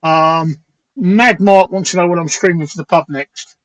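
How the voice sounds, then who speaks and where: A man hosting a late-night live stream chat, slightly hoarse, rambling and crude as he reads out viewer comments. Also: fairly high pitch, moderate pace, dry recording, low-quality recording. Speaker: talk show host.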